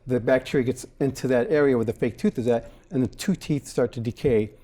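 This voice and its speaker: A man in his forties, a dentist being interviewed, explaining procedures and telling patient stories in a lively way, acting out what people said. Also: mid-range voice, a little fast. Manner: animated storyteller, acts out quotes. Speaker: dentist guest. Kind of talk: casual interview talk.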